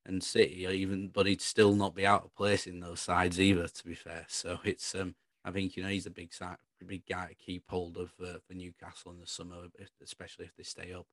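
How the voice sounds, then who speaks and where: A man's voice: low voice, completely flat delivery, fairly quick, fairly bright tone, no room sound. A man co-hosting a football podcast, chatting casually in a rambling, opinionated way.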